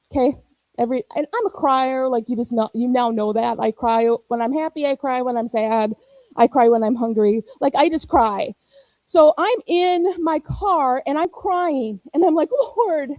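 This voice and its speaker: A woman's voice: high-pitched, warm tone, no echo, low-quality recording. A woman in her forties preaching a sermon in church, telling stories with animation and acting out quoted voices.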